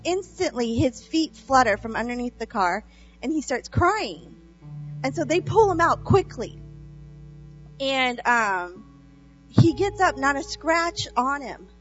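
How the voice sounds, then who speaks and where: A woman telling a personal faith story in an animated way, acting out quoted speech and using many fillers. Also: high voice, slow pace, muffled recording, faint music behind. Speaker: guest sharing a faith testimony.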